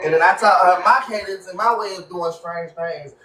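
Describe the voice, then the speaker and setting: A man's voice: sits high, normal speed, bright, forceful tone, echoey room, distant mic. A man hosting a casual livestream radio show, talking loosely and rambling about his music. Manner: loose, rambling, talks over others.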